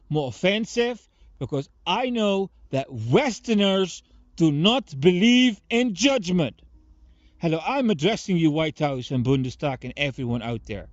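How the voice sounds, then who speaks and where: A man delivering a profane, mocking political rant, swinging between loud outbursts and low muttering. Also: dry recording. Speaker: political commentator. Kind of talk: ranting monologue. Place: Germany.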